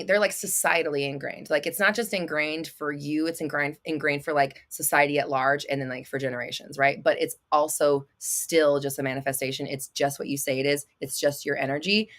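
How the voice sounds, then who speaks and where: A young woman hosting a casual livestream, reading viewer comments and coaching them in a blunt, excitable way, swearing freely and laughing often. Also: deep voice. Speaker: manifestation coach and livestream host.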